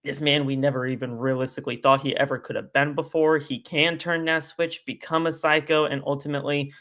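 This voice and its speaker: A man as a guest on a casual live stream, talking at length in an animated, rambling way and repeating his stock phrases. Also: fairly high pitch, a little fast.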